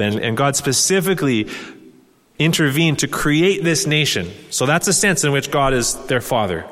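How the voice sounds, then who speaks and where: A man's voice: fairly high pitch, lively intonation, normal speed, fairly bright tone. A man preaching a sermon in an earnest teaching tone, reading scripture aloud with rising emphasis. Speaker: pastor. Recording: long hall reverb.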